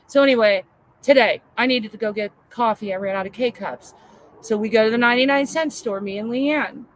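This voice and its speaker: A middle-aged woman chatting casually as co-host, telling animated stories about her home and family. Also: fairly high pitch, brisk, a little hiss or hum. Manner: chatty, animated storyteller acting out her daughter. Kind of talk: casual chat.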